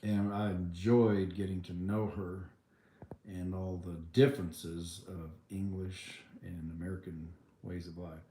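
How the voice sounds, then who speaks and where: A man with a fairly low voice chats casually with his viewers, wandering through his answers with plenty of ums, false starts and dry asides. His voice carries around a roomy, echoey space. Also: little pitch movement, a little slow, dark tone, slight background noise. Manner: rambling, frequent ums and restarts, wry. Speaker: livestream host answering chat. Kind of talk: casual chat reading viewer comments.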